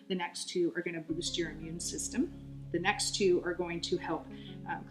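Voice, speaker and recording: A middle-aged woman, a holistic health coach, telling her story in an interview, earnest and chatty with many fillers. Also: on the low side. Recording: roomy echo, music underneath.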